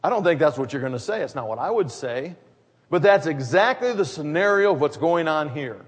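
Rambling pastor, slightly high voice, reverberant hall. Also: male voice, expressive, a little fast. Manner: conversational, wandering into humorous asides. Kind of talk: sermon.

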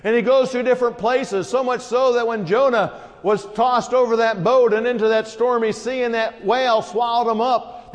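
Male pastor, higher voice, earnest sermon delivery with emphatic peaks, reverberant hall.

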